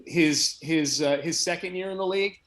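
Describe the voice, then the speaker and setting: A man's voice: fairly high pitch, a bit bright. A man argues football in a loose, emphatic chat. He piles up examples and restarts his sentences as he pushes his point. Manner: fast, emphatic, restarts often. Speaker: guest sports radio host. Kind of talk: casual sports debate.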